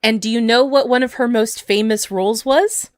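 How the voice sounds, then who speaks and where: Smooth-voiced woman host, rambling. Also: a little high, normal speed, no room sound, studio quality. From Canada. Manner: rambling, many fillers. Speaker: podcast host. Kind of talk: casual chat over a call.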